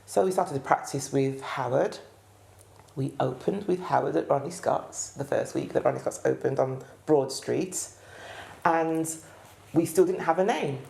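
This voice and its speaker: A woman's voice: sits low, measured pace, creaky. A woman with a Birmingham accent, a gospel choir leader telling stories in an interview and acting out the voices she quotes. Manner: animated, acts out quoted voices. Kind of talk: storytelling interview. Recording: echoey room.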